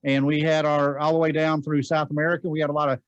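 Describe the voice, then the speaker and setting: Halting man on a dull, dry line. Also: fairly high pitch, level tone, smooth, no room sound. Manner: halting, many fillers. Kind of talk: casual chat.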